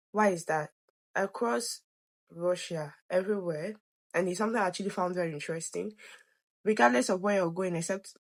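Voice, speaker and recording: A slightly hoarse woman, an education consultant, talking the viewer through figures in a conversational explainer video. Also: fairly low pitch.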